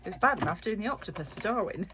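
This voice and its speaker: A woman's voice: mid-range voice, expressive, rapid-fire, heavy background noise. A woman chatting casually as she unboxes yarn on her crochet vlog, rambling with lots of little asides. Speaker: crochet vlogger. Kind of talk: casual chat while unboxing.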